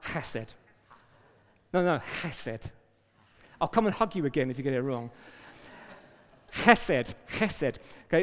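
A man preaching a sermon as pastor, lively and emphatic, with joking asides. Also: fairly high pitch. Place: church hall. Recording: long reverb of a hall.

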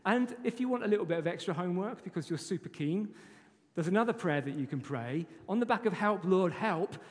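A man preaching a sermon as pastor, lively and playful, talking straight to kids and adults. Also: sits high, quick pace. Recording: long hall reverb.

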